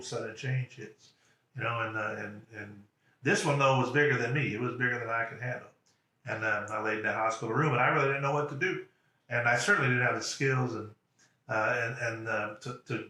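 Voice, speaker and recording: Male motivational speaker, mid pitch, conversational storytelling with restarts, echoey room. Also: pushed and bright. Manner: halting, conversational, many restarts. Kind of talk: spoken personal story.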